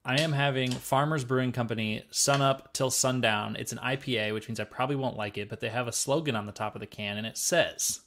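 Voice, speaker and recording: A man's voice: medium pitch, fairly even intonation, brisk, hardly any pauses, a bit bright. Man ranting casually on a podcast. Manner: ranting, frequent swearing. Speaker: podcast co-host. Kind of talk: casual chat.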